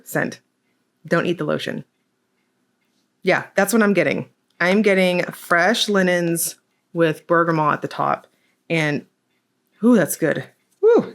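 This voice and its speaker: A woman's voice: fairly low pitch, fairly bright tone. A woman chatting casually through a product unboxing, rambling with fillers and poking fun at herself. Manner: jokey, laughs at herself. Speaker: nail polish reviewer.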